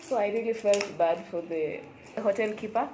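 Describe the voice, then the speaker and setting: A woman's voice: mid-range voice, normal speed, mellow, a little hiss or hum. Chatty young woman in an echoey room. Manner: chatty, reflective and candid. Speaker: vlogger. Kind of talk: casual confessional vlog chat. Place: hotel room.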